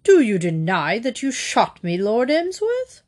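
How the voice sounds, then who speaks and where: A woman's voice: on the high side, huge pitch swings, unhurried, darkish tone. A woman voicing a pompous, indignant male secretary who speaks in a bitter, clipped way in a storybook reading.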